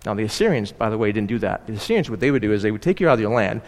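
A man's voice: lowish voice, animated, rapid-fire, big-room sound. A man preaching a sermon on a scripture passage, in a conversational way with frequent asides and tag questions. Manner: conversational, with frequent asides and "you know, right?". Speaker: pastor. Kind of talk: expository sermon.

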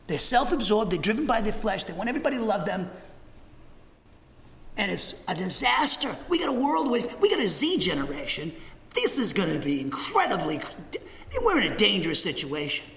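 Guy preaching a sermon, high sharp voice, all over the place pitch-wise, big echoey church. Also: moderate pace, a little hiss or hum. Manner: animated, swings from shouting to hushed asides. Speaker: pastor. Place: church sanctuary. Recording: reverberant church sanctuary.

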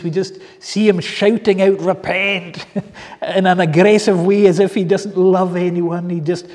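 A man preaching a sermon with fervent, drawn-out pleading exclamations, in a church hall. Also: fairly high pitch, warm tone. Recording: echoey hall with long reverb.

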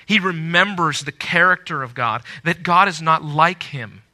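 A man preaching a sermon to a congregation, earnest, swelling loud on scripture quotes and dropping low at the ends of phrases. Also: a little slow. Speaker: pastor.

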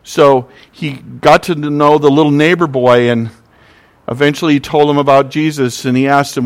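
A man's voice: on the high side, normal speed. A man preaching a sermon, telling stories and acting out the voices in them. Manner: preaching with scripture readings and sung verses. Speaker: pastor.

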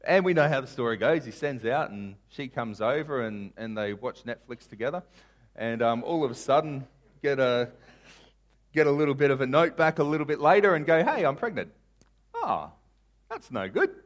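A male pastor preaches a sermon, retelling a Bible story in casual modern language and acting out the characters with big swings in volume. His voice is medium-pitched and brisk.

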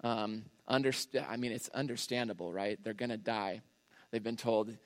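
A man's voice: fairly low pitch, steady tone, moderate pace, long reverb tail. A man preaching a sermon in a casual, conversational way, with frequent fillers and restarts. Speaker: pastor.

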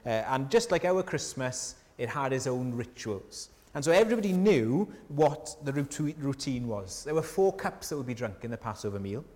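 A man's voice: medium pitch, sing-song, normal speed, hardly any pauses. Earnest male preacher, reverberant church. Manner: conversational preaching with frequent rhetorical questions; earnest and tender, dropping softly at key lines. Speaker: pastor. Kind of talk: sermon. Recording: long hall reverb from a church.

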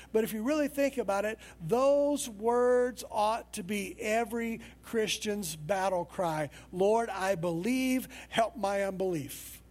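A male pastor preaching a sermon in a conversational, storytelling way. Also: extremely high pitch.

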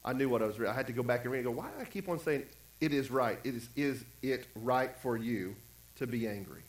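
A man's voice: medium pitch, fast talker, roomy sound, rough recording. A man pastor preaching a conversational sermon, acting out quotes and repeating phrases. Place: church.

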